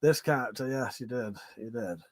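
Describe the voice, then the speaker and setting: A man's voice: medium pitch, normal speed. A man hosting a live stream, chatting casually with viewers and laughing often between jokes and swearing.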